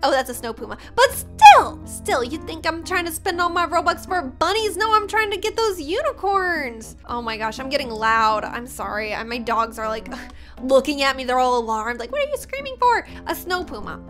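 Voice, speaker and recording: A woman giving excited, dramatic gameplay commentary as a YouTuber, often mocking herself. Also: sits high, moderate pace, faint music behind. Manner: animated, dramatic, self-mocking. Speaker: gaming YouTuber.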